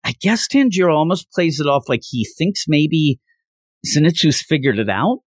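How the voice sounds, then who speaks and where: A man co-hosting a casual podcast talk, his voice sitting a touch high and swinging widely as he gets carried away. He laughs often and slips into acted-out lines, all recorded dry and close with no room sound. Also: moderate pace, slightly rough, no echo. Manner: animated, laughing, acts out character lines. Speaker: podcast co-host.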